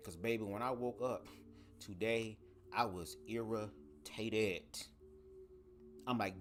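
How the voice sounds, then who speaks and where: A man hosting a casual livestream, talking straight to his viewers in an animated, profane way from a home setup at his microphone. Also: fairly low pitch, slow pace, long pauses, faint music behind. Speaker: livestream host. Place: home setup, speaking to camera. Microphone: desk microphone.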